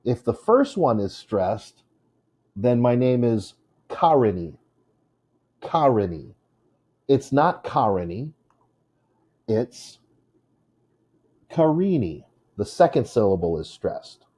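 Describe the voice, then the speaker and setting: Animated, mellow-voiced male English teacher. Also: mid-range voice, husky. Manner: lively, joking, drawn-out stressed syllables. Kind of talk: classroom video lesson.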